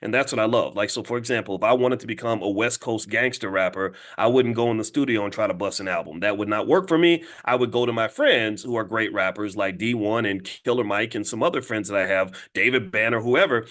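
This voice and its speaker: A middle-aged man hosting an online show, giving fast live-stream commentary and acting out quoted voices with big jumps in pitch. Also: a bit bright.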